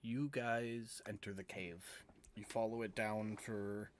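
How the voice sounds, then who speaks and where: A man narrating a tabletop game as game master, relaxed and casual, over an online call. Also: fairly low pitch, takes it slowly, slight background noise.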